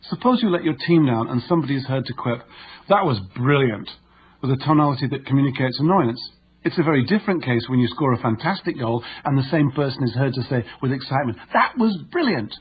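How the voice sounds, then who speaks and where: A man narrating a nonfiction audiobook in a measured, instructive way. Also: medium pitch, dull audio, slight background noise.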